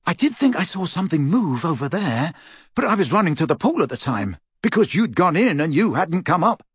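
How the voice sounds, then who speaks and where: A man voicing Ron, an awkward, sheepish teenage boy wizard, in a high, strained voice. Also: very animated, a little fast, slightly rough, dry recording, clean studio sound, heavily acted. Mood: explaining.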